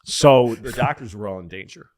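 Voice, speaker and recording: A man co-hosting a comedy podcast tells a long, rambling story in casual conversation, loose and profane, bursting into loud, excited bits. His pitch is medium and his pace moderate.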